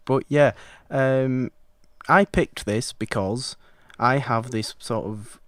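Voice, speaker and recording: In a dry recording, a man with a lowish voice co-hosts a movie podcast. His chat is casual, wry and rambling, full of self-corrections.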